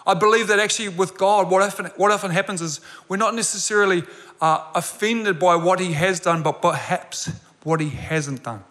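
A man's voice: high-pitched, normal speed, fairly bright tone. A man in his forties preaching a sermon with a personal story, earnest and building to emphatic repeated lines. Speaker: pastor. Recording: long reverb of a large hall.

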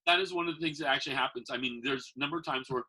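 Talking very fast in a slightly high, bright, forceful voice with a breathy edge, this man works as a professional Santa and magician. He rambles through casual stories and acts out the people he quotes, all captured on a rough recording.

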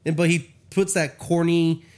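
A man's voice: on the high side, level tone, a little mellow, slight background noise. Profane rambling man on a comic podcast. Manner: rambling, profane, acts out scenes in quick quoted voices. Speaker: podcast co-host. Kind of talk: casual comic review chat.

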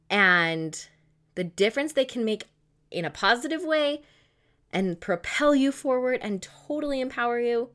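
Lively chatty motivational woman. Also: a little high. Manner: chatty, animated, acts out her own inner voice. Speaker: mindset vlogger. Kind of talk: casual motivational talk to camera.

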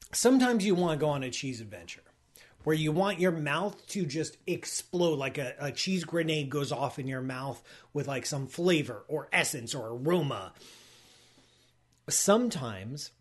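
Rambling, enthusiastic man, slightly high voice. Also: husky. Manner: rambling, enthusiastic, self-interrupting with likes and restarts. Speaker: livestream host. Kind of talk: casual chat with sponsor read and cheese tasting.

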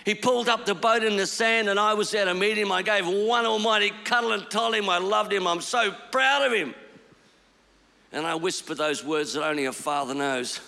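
A man preaching a storytelling sermon, swinging between hushed lines and shouted ones. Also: sits high, normal speed, gravelly, long reverb tail.

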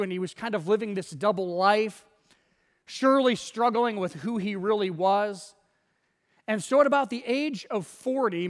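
Male pastor, high voice, chatty storytelling sermon in a big echoing church hall. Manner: conversational storytelling, retells scenes in casual voices.

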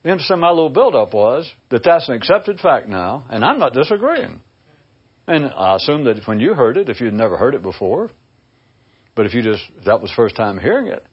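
Man, husky voice, lively pitch, rambling talk to listeners, muffled lo-fi recording. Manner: discursive, acts out imagined people in a high voice. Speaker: speaker addressing listeners. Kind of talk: rambling spoken monologue. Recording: dull lo-fi recording.

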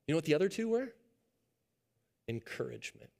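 A male pastor in his thirties delivers a sermon with a storyteller's touch. He sinks to quiet, earnest lines, then climbs into animated, louder passages when recounting everyday moments. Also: on the high side, a little fast, vocal fry. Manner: storytelling, swings from hushed to loud and excited.

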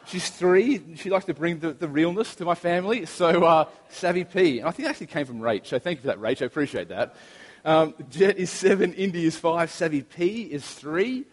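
A man in his thirties preaches fairly quickly in an expressive, fairly high voice. As a pastor leading a sermon with prayer, he tells stories casually and keeps restarting, all under the long reverb of a large hall.

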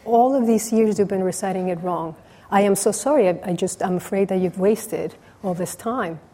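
A young scholar monk, earnest and pleased with himself, as a woman telling a story puts him on. The tone stays mellow and low-key. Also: normal speed, close to an everyday voice. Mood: horrified. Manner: earnest, a little self-important. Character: young male scholar monk, self-satisfied.

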